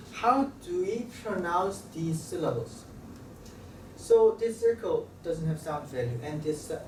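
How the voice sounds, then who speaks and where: A man teaching a language lesson, talking haltingly and repeating sounds to demonstrate them. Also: a little high, a little mellow. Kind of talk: classroom lecture at a board. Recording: roomy, slightly distant mic with faint room noise.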